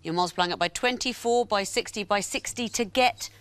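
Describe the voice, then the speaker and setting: A woman's voice: mid-range voice, brisk, no room sound. A woman hosting a television quiz, explaining answers in a dry, explanatory way. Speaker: quiz show host.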